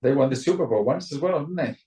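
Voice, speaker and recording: A Welsh man talks over a video call, loose and rambling, stumbling through restarts as he explains things. His voice sounds roomy and set back from the mic, middle-pitched and unforced. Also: lively intonation, fast, mellow, far from the mic. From Wales. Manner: chatty, rambling, stammers into restarts, mimics voices. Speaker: rock singer, interview guest. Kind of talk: casual video call interview.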